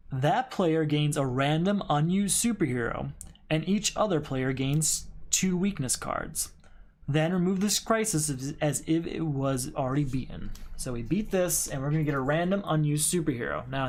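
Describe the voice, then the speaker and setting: Man casually thinking aloud over a card game. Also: a little high. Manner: thinks aloud, counting and reading card text. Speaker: solo card game player. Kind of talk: casual play-through commentary.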